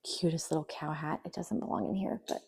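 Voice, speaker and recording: A woman's voice: sits low, steady tone, fairly quick, vocal fry, darkish tone, breathy edge, soft background music. A young woman chatting casually while sorting her kids' toys, often trailing into near-whispers. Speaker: vlogger. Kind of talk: casual voice-over while decluttering.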